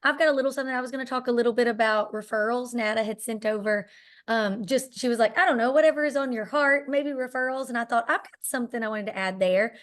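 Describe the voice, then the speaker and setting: A woman leading a team training call, chatty and eager, with plenty of fillers and asides. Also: fairly high pitch. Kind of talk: casual training talk.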